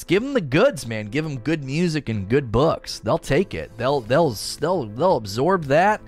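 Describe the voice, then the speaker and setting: Chatty man with a lively voice. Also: on the high side. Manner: rambling, chatty, animated. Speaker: streamer reading chat. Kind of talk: casual livestream chat.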